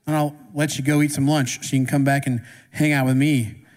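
A man's voice: mid-range voice, little pitch movement, brisk, darkish tone. A man preaching a sermon as pastor, talking conversationally and asking the congregation questions. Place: church sanctuary. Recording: long reverb of a church hall.

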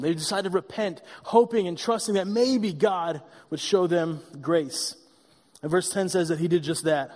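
A man preaching a sermon as pastor, retelling the story in an animated way and often repeating words as he goes. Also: sits high, long reverb tail.

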